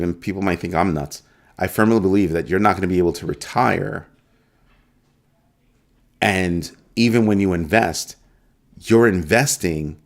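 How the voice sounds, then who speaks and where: A man's voice: sits low, gravelly. A middle-aged man from New York hosting a crypto show, talking to viewers in an emphatic way and repeating his points for stress. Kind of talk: casual talk to viewers.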